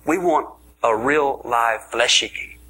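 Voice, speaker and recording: A man voicing a group of stubborn elders who insist on what they want in a rushed, whiny way. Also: mid-range voice, sharp tone, husky, pitched below the performer's own voice, exaggerated voice. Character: stubborn, demanding elders of ancient Israel.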